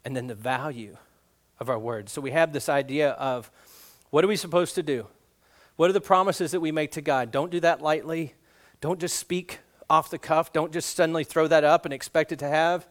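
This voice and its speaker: A middle-aged man preaching a sermon in a relaxed, conversational way, cracking jokes and asking the kids questions. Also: a little high, normal speed. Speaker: guest preacher.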